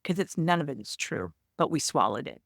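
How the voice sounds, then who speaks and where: A woman's voice: low-pitched, sing-song, brisk, vocal fry, no echo, clean studio sound. A woman, an actor and producer, speaking as a podcast guest in an emphatic, candid storytelling style, with many restarts and reenacted quotes.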